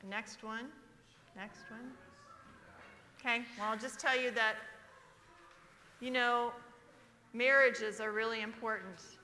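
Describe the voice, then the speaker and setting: A woman's voice: fairly high pitch, fairly even intonation, takes it slowly, pauses often, sharp tone, a little hiss or hum. A woman in her sixties preaching a sermon, emphatic and asking the congregation questions. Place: church sanctuary. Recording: reverberant church livestream.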